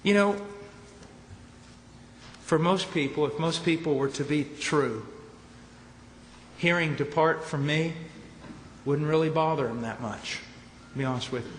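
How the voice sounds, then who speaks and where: A man preaching at a conference, emphatic, ranging from low, quiet statements to shouted points. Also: measured pace, pauses often. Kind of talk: conference sermon. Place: large conference hall. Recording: echoey hall with faint noise.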